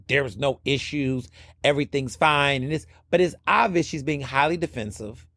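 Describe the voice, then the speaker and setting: Brief: male podcast host, chatty and animated recap, slightly high voice, dry close mic. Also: vocal fry, dry recording. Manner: animated storytelling, slipping into quoted voices. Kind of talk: casual commentary recapping a reality show.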